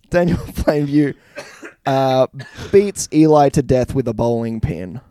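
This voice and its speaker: A man's voice: medium pitch, animated, slow, mellow, dry recording. A young man chatting casually on a podcast, laughing often as he retells a film scene by scene. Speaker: podcast co-host. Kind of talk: casual chat.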